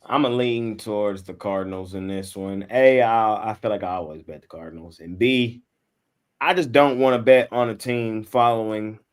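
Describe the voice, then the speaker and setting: A man's voice: on the low side, normal speed, clean tone. A man hosting a sports betting show, chatting casually in slang and laughing often. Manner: laid-back slangy banter, laughs often. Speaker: host.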